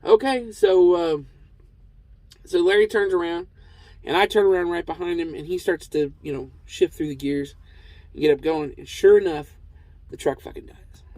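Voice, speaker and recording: A truck driver telling a casual, rambling story, with lots of fillers and restarts. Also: male voice, a little high, fairly even intonation, moderate pace, darkish tone, no echo, poor audio.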